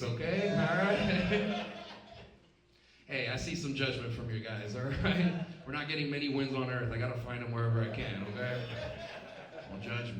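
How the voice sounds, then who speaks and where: Far from the mic, a medium-pitched man, a stand-up comedian from Stockton, California, performs live in a lounge, tagging punchlines with "right?" and "okay?". The off-mic recording has a roomy club sound and crowd laughter.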